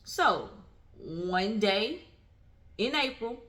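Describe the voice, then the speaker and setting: A woman's voice: mid-range voice, sing-song, very slow, a bit bright. A woman in her thirties talking candidly to camera as a vlogger, earnest and emphatic, repeating phrases to drive them home. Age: 30s. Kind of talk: candid personal talk to camera.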